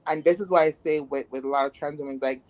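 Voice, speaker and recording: A woman's voice: low voice, fairly even intonation, rapid-fire, darkish tone. A woman guest in a casual interview who talks bluntly and rambles, with many filler words. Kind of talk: casual candid conversation.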